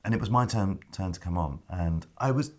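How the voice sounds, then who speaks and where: An actor telling a lively backstage story in a casual interview, acting out what people said. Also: male voice, low voice, fairly quick. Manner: animated anecdote-telling, acts out his own past lines. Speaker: actor guest.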